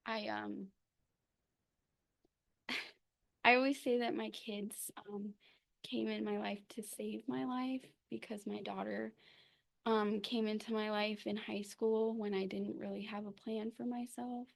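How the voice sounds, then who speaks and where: Woman speaker, slow halting delivery, gravelly fry, lots of ums. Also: medium pitch, level tone. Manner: halting, many ums and pauses. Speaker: recovery meeting speaker. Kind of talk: personal testimony.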